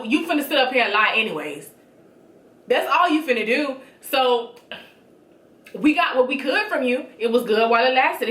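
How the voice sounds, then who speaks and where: Sassy high-voiced woman recapping TV. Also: echoey room. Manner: sassy, blunt, animated. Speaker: reality TV recap host. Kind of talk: casual reality show recap.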